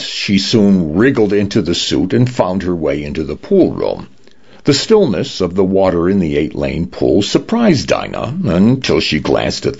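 A man reading a story aloud as an expressive audiobook narrator. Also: low-pitched, creaky, husky. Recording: dull lo-fi recording.

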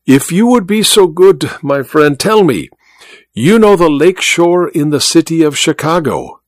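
A showy blind magician with a lofty, sweeping delivery, as a male narrator puts him on. The voice rides higher than plain speech and swings widely in pitch, sly and self-important. The sound is close and dry, with no room around it. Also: animated, unhurried, dry recording. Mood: commanding. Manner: flamboyant and grandiose, with sly asides. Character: grand, theatrical blind male stage magician. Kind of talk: audiobook character voice.

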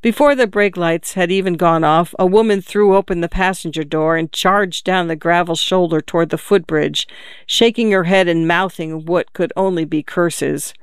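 A narrator reading a short story aloud in an even, measured way. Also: medium pitch, smooth, dry recording, clean studio sound. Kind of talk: audiobook narration.

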